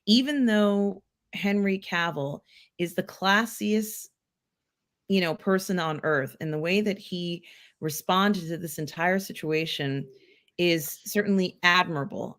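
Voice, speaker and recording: A woman's voice: lowish voice, a bit bright. A woman hosting a casual live pop culture stream, reading out viewer comments in a rambling way with many filler ums.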